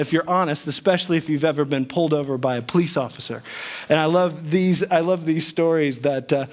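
A middle-aged pastor with a slightly high voice builds his sermon around a personal story. He's chatty and self-deprecating, acting out the lines of the people in it.

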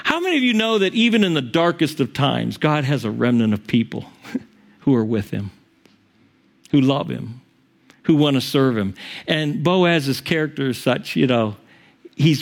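A male pastor preaching a sermon in an animated, emphatic way. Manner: animated, emphatic, shifting pitch for quotes.

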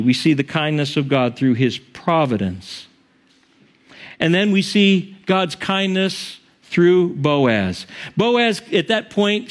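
A male pastor preaching a sermon in an animated, emphatic way. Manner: animated, emphatic, shifting pitch for quotes.

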